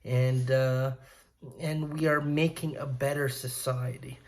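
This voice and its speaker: A man's voice: mid-range voice, level tone, slow pace, close to an everyday voice. A man voicing a proud, scheming male reptilian alien king in a smug, persuasive way, close to his own voice.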